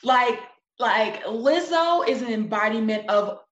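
Animated, laughing New woman. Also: on the high side, slow, reverberant, highs cut off. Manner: animated, laughs often, acts out quotes. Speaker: interview guest, former wrestler. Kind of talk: casual storytelling.

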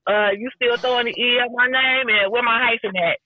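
A woman's voice: a little high, fairly even intonation, a little fast, dry recording, muffled recording. A woman in her forties, a guest who hosts her own podcast, chatting casually in a blunt, slangy way and laughing easily.

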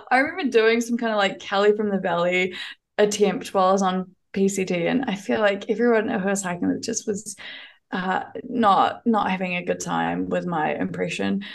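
A woman's voice: mid-range voice, steady tone, normal speed, vocal fry. A young woman with a New Zealand accent, chatting as a guest in a casual podcast interview, with plenty of fillers and restarts. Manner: chatty, self-deprecating, lots of fillers and restarts.

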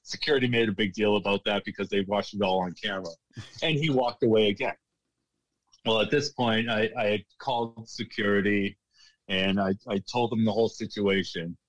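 A man's voice: fairly low pitch, fairly even intonation, a little fast, no room sound, poor audio. A man working as a bartender, telling stories casually in an interview, laughing often and restarting his sentences. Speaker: guest, former casino bartender.

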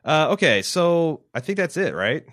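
A man's voice: fairly high pitch, sing-song, normal speed, fairly bright tone. A man co-hosting a casual TV recap podcast, jokey and playful, often asking his partner questions. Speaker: podcast co-host.

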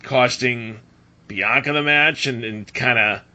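Male podcast co-host with a bright voice, animated and chatty. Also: medium pitch, slow pace, dull audio. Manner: animated, laughs often, trails off and restarts. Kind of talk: casual wrestling podcast chat.

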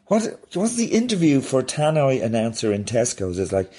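A man, hosting a comedy podcast and ranting in an exasperated, animated way. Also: mid-range voice, normal speed, few pauses, husky. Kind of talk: comic rant.

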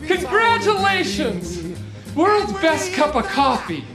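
Buddy the Elf, a giddy grown-up elf. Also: male voice, extremely high pitch, wildly swooping pitch, slow, reverberant, full character voice. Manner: gushing, wide-eyed enthusiasm. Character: overjoyed childlike grown man elf. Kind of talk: film comedy acting. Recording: film clip under loud music.

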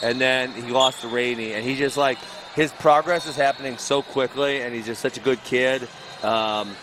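A man who coaches wrestling, chatting casually on a podcast and acting out his talks with his wrestlers in an animated way. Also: medium pitch, normal speed, background noise.

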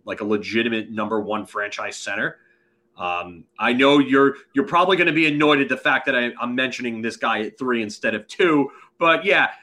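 A man's voice: medium pitch, sharp tone. A man co-hosting a hockey podcast, giving opinionated takes and fumbling over words now and then. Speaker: co-host, hockey analyst. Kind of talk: casual sports chat.

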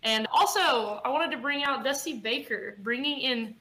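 A woman's voice: sits high, moderate pace, pushed and bright, poor audio. A woman co-hosting a podcast in casual chat, bubbly and chatty. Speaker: podcast co-host.

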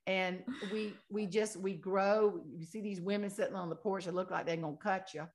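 A woman with a Southern American accent, a guest author chatting in an interview and telling folksy, animated stories that she often laughs through. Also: medium pitch, normal speed. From Southern United States. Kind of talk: casual storytelling interview.

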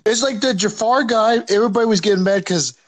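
A man telling halting, stammering anecdotes in a casual chat among friends. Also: sits high.

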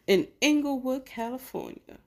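A woman's voice: high-pitched, expressive, moderate pace, creaky. A woman co-hosting a true-crime podcast, bantering and teasing in a playful way. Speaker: podcast co-host.

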